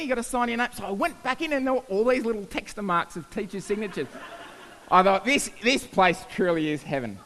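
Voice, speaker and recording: Male science teacher, high bright voice, animated storyteller, hall reverb. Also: fairly quick, slight background noise. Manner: animated, laughs at his own stories. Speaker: science teacher giving a talk. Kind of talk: storytelling talk to an audience.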